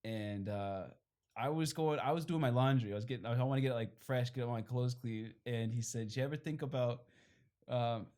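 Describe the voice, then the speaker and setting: A young man, a priest, tells his story at a fireside gathering. He rambles, leans on filler words and laughs now and then, his voice sitting in an ordinary middle pitch. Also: normal speed, a little mellow. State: briefly tearful. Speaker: priest giving his testimony. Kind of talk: personal testimony at a fireside talk.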